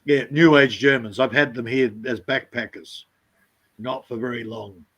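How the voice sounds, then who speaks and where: A man in casual chat, blunt and jokey. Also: normal speed. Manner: blunt, jokey, mimics others in high voices.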